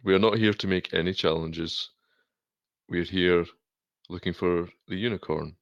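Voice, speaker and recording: A man's voice: sits low, fairly even intonation, normal speed, no room sound, lo-fi sound. A man voicing a stiff, formal and grumpy forest druid. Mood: stern.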